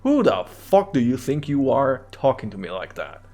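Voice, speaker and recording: A man's voice: lowish voice, very animated, a little slow, a little mellow, slightly rough, exaggerated voice. A man voicing a rude, easily angered man answering the phone in a game. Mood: furious. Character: rude agitated middle-aged man on the phone.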